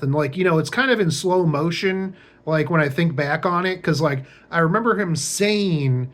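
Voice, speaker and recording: A man's voice: on the high side, moderate pace, fairly bright tone. A young man telling a casual, rambling story as a vlogger, full of fillers, restarts and wry, sarcastic asides.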